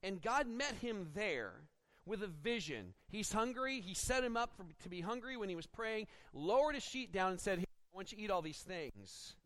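Male pastor, higher voice, expository sermon with acted asides. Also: moderate pace. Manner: expository preaching with acted-out quotes; animated, rising when dramatizing.

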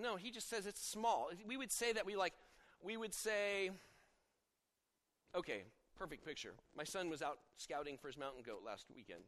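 A man's voice: sits high, expressive, normal speed, a bit bright. A middle-aged man preaching a sermon as a pastor, talking conversationally and telling stories, often breaking off and restarting mid-sentence. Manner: conversational, storytelling, self-interrupting. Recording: long hall reverb.

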